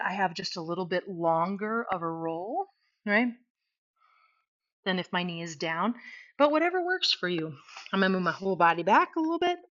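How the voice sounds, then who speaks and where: Woman guiding yoga with dull sound. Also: mid-range voice. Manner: casual, self-deprecating, talks while moving. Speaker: yoga teacher. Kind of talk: guided yoga instruction.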